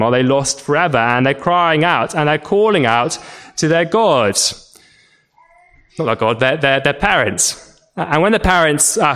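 A man's voice: mid-range voice, a bit bright. A man preaching a sermon in an earnest way, often repeating and stumbling over words and asking rhetorical questions.

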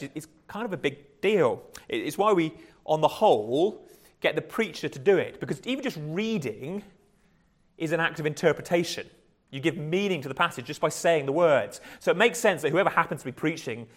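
A man preaching a conversational sermon, often restarting words and chuckling lightly. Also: on the high side.

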